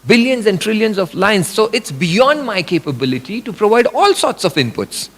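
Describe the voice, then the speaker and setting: A middle-aged man giving an animated religious lecture, explaining with examples. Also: sits high, moderate pace, creaky. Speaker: religious speaker. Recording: long reverb of a hall.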